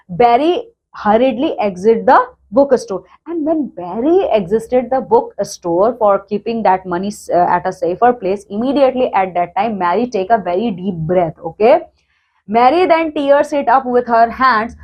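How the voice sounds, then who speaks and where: A woman teacher walks students through a play. She keeps stopping to check "okay?", restarts her sentences and retells each line in simpler words. Her voice sits fairly high. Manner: repeats "okay?", restarts often, paraphrases simply. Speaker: English teacher.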